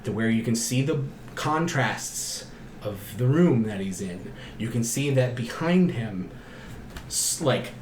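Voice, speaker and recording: A man co-hosting a podcast, recapping a horror film in a casual, animated way, acting out the characters with gasps and shouts and swearing often. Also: medium pitch, takes it slowly, echoey room, a little hiss or hum. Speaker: podcast co-host.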